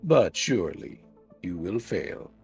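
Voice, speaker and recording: A man's voice: deep voice, big pitch swings, slow, creaky, darkish tone, faint music behind, pitched below the performer's own voice, exaggerated voice. A man voicing a cold, calculating male robot professor who speaks in a clipped, formal, menacing way.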